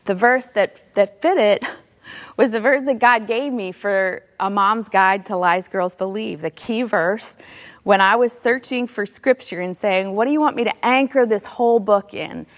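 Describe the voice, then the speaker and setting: A middle-aged woman speaks as a Christian author, telling a personal story with heartfelt warmth. She sometimes drops her voice to a hushed, soft tone. Her voice carries a long reverb, as in a large hall. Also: mid-range voice. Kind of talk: personal faith talk.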